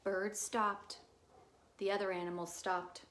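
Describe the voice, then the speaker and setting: A woman teacher reading a picture book aloud for children's story time, slow and expressive with gentle asides. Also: medium pitch.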